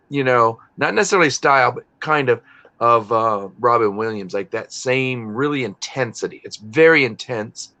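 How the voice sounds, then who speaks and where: A man's voice: medium pitch, pushed and bright. A man hosting a live stream, chatting casually and rambling, often breaking off mid-sentence and swearing freely. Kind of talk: casual chat while working. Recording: dull lo-fi stream audio.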